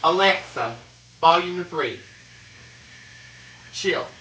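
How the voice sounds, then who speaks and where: Speaking extremely slowly in poor audio, this man has a fairly high, animated voice with a bright, forceful tone. He's from South Carolina, has a Southern accent, and hosts a casual cooking live stream, greeting viewers in a sassy, playful drawl and humming little sound effects.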